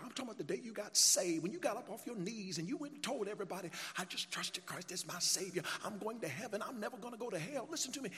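A male preacher with a high voice delivers a sermon in a church, with long reverb trailing his words. He reads scripture, pauses for rhetorical questions, and calls on the congregation to repeat lines with him. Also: fairly bright tone. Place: church sanctuary.

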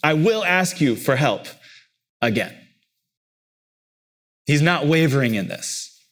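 A man's voice: fairly high pitch, animated, takes it slowly, long pauses, a bit bright. A pastor delivering a sermon, repeating phrases emphatically and lifting his voice on key words.

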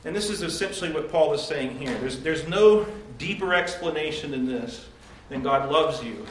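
A pastor with a slightly high voice delivers a devotional sermon at a moderate pace, earnest and emphatic, posing rhetorical questions and answering them himself. He's recorded from far off in an echoey room with slight background noise.

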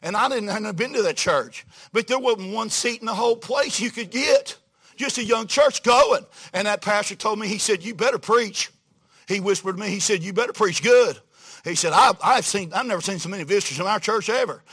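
High, bright-voiced folksy preacher. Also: male voice, fairly quick, husky. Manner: folksy, animated, swings from hushed quotes to loud exclamations. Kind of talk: storytelling sermon. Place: church before a congregation.

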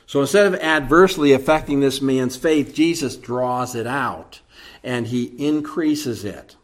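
Slow, deliberate male preacher. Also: medium pitch. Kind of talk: sermon.

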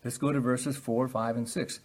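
A sermon-style Bible lesson comes from an older man whose husky voice sits mid-range at a moderate pace. Earnestly, he shifts between calm explaining and loud, insistent stress.

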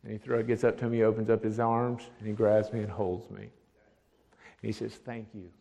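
A man, a pastor, telling a testimony story, dropping to a hush for the words of others. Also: on the low side, level tone, brisk, vocal fry. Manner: drops to a hushed voice for quoted speech. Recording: long hall reverb.

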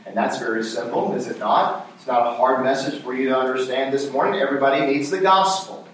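A man's voice: medium pitch, a little fast, a bit bright, slight background noise. Man, preacher, sermon, call-and-response questions, distant mic, heavy church echo. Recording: very echoey church hall, voice from far off.

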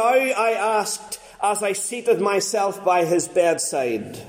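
Slow, high-voiced male preacher. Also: expressive. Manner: slow, deliberate reading with dramatic pauses. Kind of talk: sermon with read-aloud story. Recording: echoey room.

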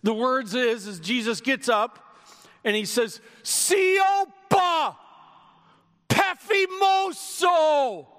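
High-voiced preacher in a reverberant hall. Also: male voice, unhurried. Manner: animated preaching, shouts key lines. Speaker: pastor. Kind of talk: sermon.

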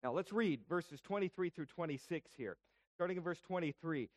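High-voiced man preaching a sermon. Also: expressive, moderate pace, no echo, clean studio sound. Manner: explanatory, asks rhetorical questions. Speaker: pastor.

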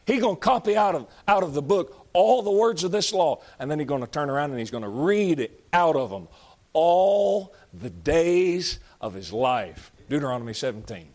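A man preaching a sermon, swinging between loud, drawn-out exhortations and low, conversational asides. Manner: rising to shouted exhortation, then dropping low and conversational.

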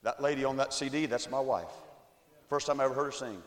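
A man in his forties giving a testimony sermon, swinging from quiet storytelling to shouted climaxes, recorded in an echoey church hall. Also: mid-range voice, quick pace. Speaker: evangelist. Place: church sanctuary.

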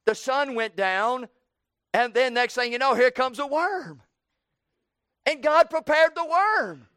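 A fervent male preacher with an unusually high, smooth, resonant voice. He swings from quiet, gentle stretches to shouted lines. The sound is dry and close. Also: slow pace, dry recording. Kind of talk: sermon.

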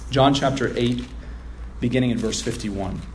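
Pastor, male, mid-pitched voice, emphatic evening sermon delivery. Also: moderate pace, background noise. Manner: preaching with emphatic rising stresses.

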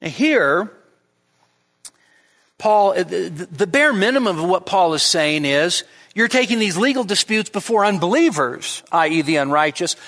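A man's voice: high voice, a bit bright, long reverb tail. A male pastor giving an expository midweek sermon, teaching with emphasis and often restarting his words. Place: church hall.

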